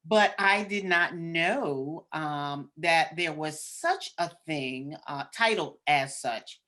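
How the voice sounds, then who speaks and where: A woman hosts a casual interview podcast. Her voice sits low for a woman. She keeps the talk affirming and often murmurs agreement with her guest. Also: animated, takes it slowly, sharp tone.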